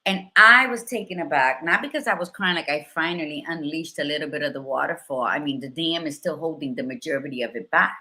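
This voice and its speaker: A woman in her fifties hosts a candid talk show with a bright, forceful tone. She talks openly and emotionally, then turns motivational with a lowish voice. Now and then she a phrase. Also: fairly quick, hardly any pauses. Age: 50s. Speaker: host. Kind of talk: casual chat.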